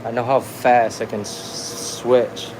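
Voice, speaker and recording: A man's voice: medium pitch, flat delivery, takes it slowly, noisy background. A young man hosting a casual livestream from home, talking in a laid-back, rambling way full of slang. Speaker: livestream host. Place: at home with a cat. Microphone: phone livestream.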